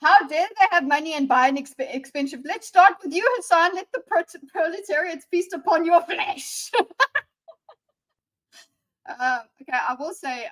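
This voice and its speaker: A woman's voice: high-pitched, fairly bright tone, low-quality recording. A woman in her thirties, a streamer giving sarcastic, teasing live reaction commentary. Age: 30s.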